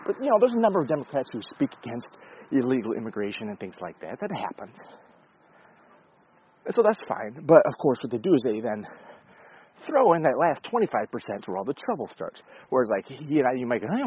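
Blunt male commentator, casual and profane, animated intonation, slightly dull sound. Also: medium pitch, a little fast, husky. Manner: blunt, profane, conversational, with restarts.

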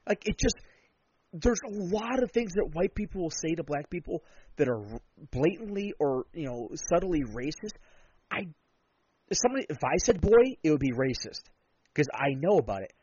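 A man's voice: a little high, big pitch swings, moderate pace, darkish tone, husky, no room sound. A man co-hosting a podcast in casual chat, talking bluntly and sarcastically in long rambling turns. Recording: dull lo-fi sound.

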